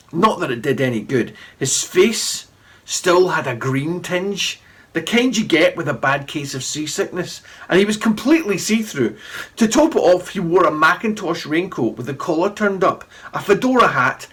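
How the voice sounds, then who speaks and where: Middle-aged author reading a story aloud to kids: animated, chatty, a touch husky. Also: male voice, on the high side. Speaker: children's author.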